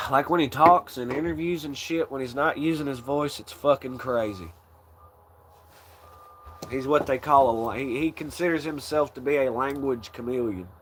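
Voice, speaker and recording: A man's voice: mid-range voice, normal speed, a bit bright, a little hiss or hum. A young man hosting a casual chat, rambling in a laid-back way, swearing often and laughing along. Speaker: channel host.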